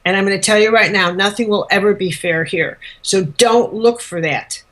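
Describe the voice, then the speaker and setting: A woman teaching a live spiritual class, blunt and emphatic. She hammers points home with repetition in a mid-pitched voice. The delivery is direct and forceful. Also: normal speed.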